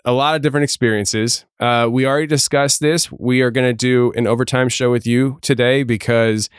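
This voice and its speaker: A man hosting an interview podcast, relaxed and jokey, with many fillers. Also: medium pitch, a little fast, clean tone, no echo, studio quality. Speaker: podcast host. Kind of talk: casual interview chat.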